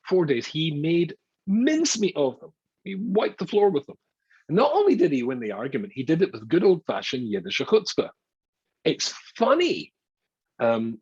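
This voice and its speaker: An older rabbi with a husky voice teaches in a chatty, wry way, full of self-mocking asides. His pitch moves about a lot as he tells his stories. The recording sounds dull and dry, with no room echo. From Scotland. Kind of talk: informal Torah lecture.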